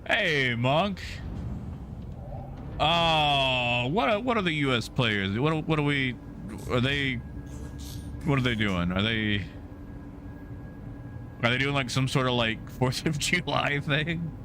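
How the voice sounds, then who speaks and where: A man's voice: mid-range voice, expressive, slow pace, long pauses, background noise. A male game streamer chatting casually with his live viewers in a rambling, easygoing way with many fillers.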